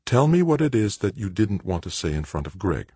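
A male narrator voicing a worried middle-aged mother who speaks in hushed, firm, questioning tones. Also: fairly low pitch, big pitch swings, a little fast, slightly rough, no echo, pitched above the performer's own voice. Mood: firm, wary.

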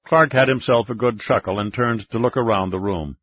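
A man narrating a thriller audiobook in a steady storytelling voice. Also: medium pitch, a little fast, hardly any pauses, no room sound, highs cut off. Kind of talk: scripted narration.

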